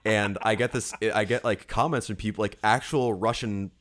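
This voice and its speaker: A man's voice: lowish voice, steady tone, normal speed, a bit bright. A man co-hosting a podcast, telling a long rambling story in casual chat with lots of fillers and restarts. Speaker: podcast co-host.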